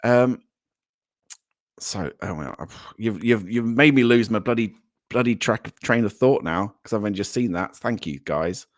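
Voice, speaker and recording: Lowish-voiced British man hosting a livestream. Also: a little slow, dry recording, studio quality. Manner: chatty, rambling, with frequent ums and laughs; effusive thanks, voice jumping up for donors. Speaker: livestream host. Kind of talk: casual live chat, reading viewer comments.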